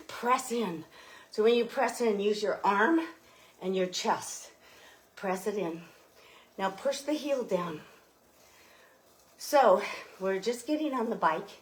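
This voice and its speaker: Breathless woman coaching a cycling workout. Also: mid-range voice. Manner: encouraging, coaching cues while pedaling. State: slightly out of breath. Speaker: fitness instructor. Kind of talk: guided cycling workout instruction.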